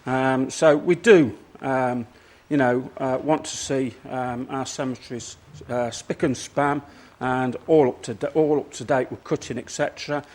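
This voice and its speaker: A man, a council portfolio holder, out of breath, answering questions at a council meeting in a halting way full of ums and restarts. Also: mid-range voice, fairly even intonation, a little mellow.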